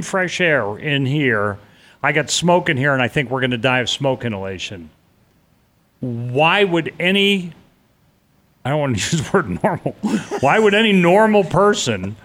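A man's voice: a little high, a bit bright. Earnest New man retelling his escape. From New York. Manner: earnest, halting retelling with frequent restarts, acting out remembered voices. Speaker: interviewee recounting a disaster escape. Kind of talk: personal storytelling in conversation.

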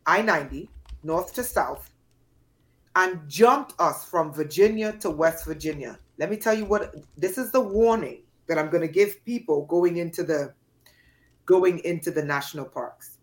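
A woman from Trinidad and Tobago, a podcast guest, telling a dramatic personal story with emphatic, acted-out voices. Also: fairly low pitch. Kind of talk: storytelling in an interview.

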